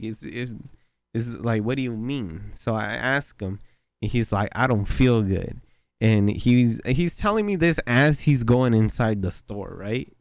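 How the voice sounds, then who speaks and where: A young man spins a casual vlog story in a dry, close voice at an everyday pitch. His talk is loose and slangy, full of swearing, and he keeps laughing at his own telling. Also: a little mellow, dry recording. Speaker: vlogger.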